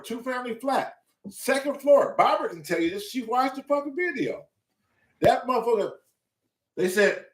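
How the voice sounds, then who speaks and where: Profane, high-voiced man telling a story. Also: recorded from a distance. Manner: profane, emphatic and animated. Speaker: talk show host. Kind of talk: casual storytelling. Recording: roomy echo.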